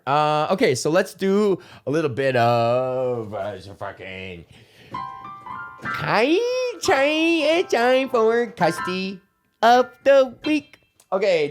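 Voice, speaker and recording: A man's voice: medium pitch, clear, resonant tone. A young man hosting a comedy podcast, ranting in a casual, rambling way, swearing and laughing often. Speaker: podcast host.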